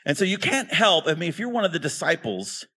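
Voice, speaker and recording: A man preaching a sermon in a relaxed, conversational way, often tossing rhetorical questions to his listeners. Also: on the high side, brisk. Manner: casual, asks rhetorical questions. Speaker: pastor.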